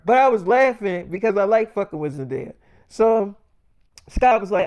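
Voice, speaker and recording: High-voiced man telling a story. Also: lively intonation, moderate pace, darkish tone, dry recording, studio quality. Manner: loose, profane, conversational. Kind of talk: casual storytime monologue.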